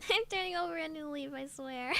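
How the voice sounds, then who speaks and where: A woman's voice: sits high, fairly quick, pushed and bright, slight background noise. A young woman streaming as a VTuber, chatting casually with her viewers in a giggly, gushing way, stretching out her exclamations. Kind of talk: casual live-stream chat.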